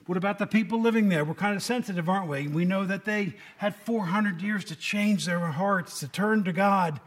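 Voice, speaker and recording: A lay preacher with a high-pitched voice chats and jokes his way through a sermon, often directing questions at the congregation. He talks at normal speed with hardly any pauses.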